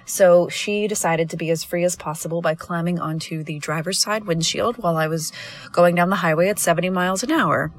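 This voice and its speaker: Low-voiced woman, candid and earnest. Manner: candid, earnest, halting with restarts. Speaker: podcast host and coach. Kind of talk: reflective personal monologue. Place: parked car by the roadside.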